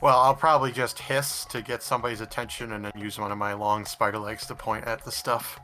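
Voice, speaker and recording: A man's voice: lowish voice, flat delivery, fairly quick, pushed and bright, faint music behind. A man playing a tabletop game, describing his character's actions with hesitant fillers. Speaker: player.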